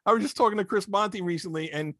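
A man's voice: high-pitched, fast talker, a bit bright, no room sound, clean studio sound. A man hosting a podcast, asking a guest questions in casual chat with short replies and laughter. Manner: brief backchannel replies and laughter. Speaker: podcast host.

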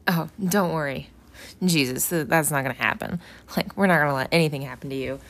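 A woman's voice: on the low side, animated, slow pace, a little mellow, exaggerated voice. A woman voicing an earnest adult male fisherman apostle who talks in a casual, reassuring way. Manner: casual and reassuring, full of "like" and "whoa".

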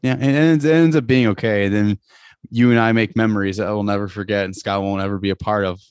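Male podcast host, young adult, lower register, loose and chatty, dry studio sound. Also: fairly even intonation, fast talker, darkish tone, clear, resonant tone, no echo. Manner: chatty, laughs often, rambling with fillers. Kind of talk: casual podcast chat.

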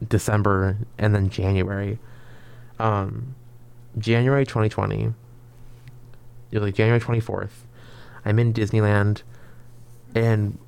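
Chatty young man with gravelly fry. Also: fairly low pitch, a little mellow. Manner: chatty, filler-heavy, dramatic retelling. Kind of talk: casual storytime vlog.

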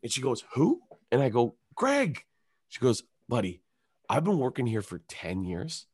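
A man's voice: medium pitch, moderate pace, husky. A man, a comedian, telling a long story in casual chat, swearing freely and acting out the other people's voices. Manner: animated, swears a lot, acts out other voices. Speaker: comedian guest.

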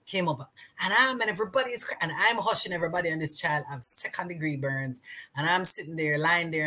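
Low-voiced woman with a lilt. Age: middle-aged. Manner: lively storyteller, acts out quoted dialogue. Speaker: podcast guest. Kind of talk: casual interview chat.

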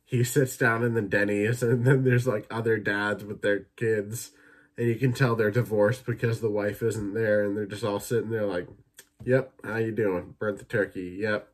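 Young guy doing a solo movie podcast, lowish voice, rambles and swears, acts out the lines. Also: little pitch movement, moderate pace, breathy edge. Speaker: podcast host reviewing films. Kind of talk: casual solo podcast review.

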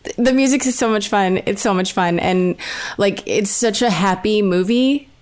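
A woman's voice: mid-range voice, moderate pace, darkish tone. A woman in casual chat, talking enthusiastically and rambling with lots of fillers.

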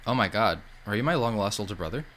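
A man with a lowish voice and a forceful, tense edge hosts a casual podcast. He jumps from tangent to tangent, jokes around and swears freely. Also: fast talker, a little hiss or hum. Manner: excitable, scattered, jokey, swears. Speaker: podcast host. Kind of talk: casual chat.

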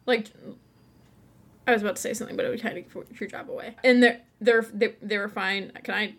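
A woman's voice: medium pitch, steady tone, brisk. A young woman from Buffalo, co-hosting a podcast in casual, laughing chat full of restarts. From Buffalo, New York. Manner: chatty, laughing, many restarts. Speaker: podcast co-host.

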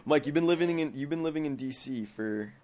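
A man's voice: fairly high pitch, brisk, darkish tone. A young man from Boston, a podcast guest, joking and teasing in casual chat.

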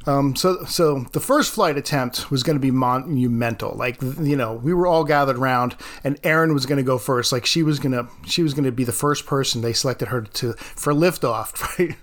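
A man's voice: mid-range voice, moderate pace, few pauses. A man who teaches art, hosting his own podcast and telling a classroom story in a casual way, laughing often.

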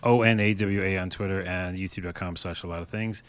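A man's voice: low-pitched, steady tone, brisk, clear, resonant tone. Joking young man hosting a podcast. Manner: loose, joking, many "like"s. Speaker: podcast host. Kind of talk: casual podcast chat.

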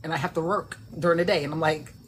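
A woman's voice: low voice, steady tone, fast, a little hiss or hum. A woman, an indie author, chatting casually and animatedly, acting out voices with laughter and salty language. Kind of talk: casual chat.

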